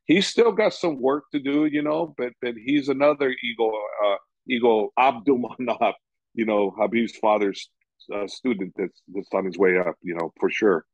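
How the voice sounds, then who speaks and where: A man's voice: medium pitch, moderate pace, no room sound. A man who coaches fighters, speaking in a casual interview, rambling and repeating "you know" often. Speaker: MMA coach. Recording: dull lo-fi sound.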